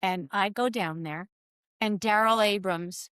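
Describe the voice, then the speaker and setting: A woman in her sixties from the US East Coast, telling animated stories as a guest in a casual chat and laughing often. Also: medium pitch, measured pace, clear, resonant tone, no room sound, studio quality.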